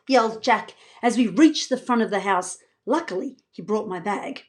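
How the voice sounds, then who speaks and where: A woman author reading her children's book aloud in an expressive, playful voice. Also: medium pitch, normal speed. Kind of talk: children's storybook read-aloud.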